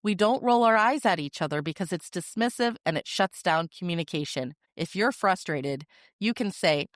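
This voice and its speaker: A woman hosting a parenting podcast, giving advice in a calm, firm, direct manner with short, deliberate sentences. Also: fairly low pitch, no room sound, clean studio sound. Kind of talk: scripted advice monologue.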